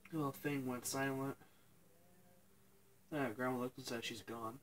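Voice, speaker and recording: A young man telling a painful personal story to his viewers, halting and tearful, pausing and restarting as he cries. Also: mid-range voice, steady tone, a bit bright, slight background noise, poor audio. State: crying. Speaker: vlogger. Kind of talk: emotional personal story to camera.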